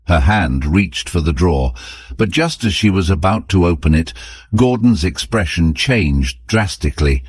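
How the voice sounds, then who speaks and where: Very deep, husky male narrator. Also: lively intonation, normal speed, no room sound, clean studio sound. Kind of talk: audiobook narration for English learners.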